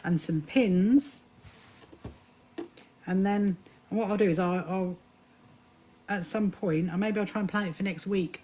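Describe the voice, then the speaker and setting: A woman's voice: medium pitch, unhurried, pauses often, darkish tone. A woman hosting a casual sewing live stream, chatty, often restarting her sentences and greeting viewers by name. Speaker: livestream host. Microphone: phone or camera on a live stream.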